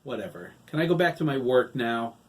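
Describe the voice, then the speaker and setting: A man voicing an angry, sullen teenage farmhand who snaps and talks back loudly in an audiobook. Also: mid-range voice, very animated, brisk, pitched above the performer's own voice, lightly acted. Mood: irritable. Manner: snappish, sarcastic and loud.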